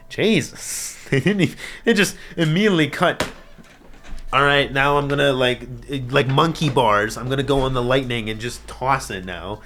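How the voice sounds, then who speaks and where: A man talks through an anime episode in loose, casual reaction commentary. His voice sits at an ordinary pitch but swoops widely, dropping to mumbled asides and then jumping up into loud shouted outbursts, often broken by laughter.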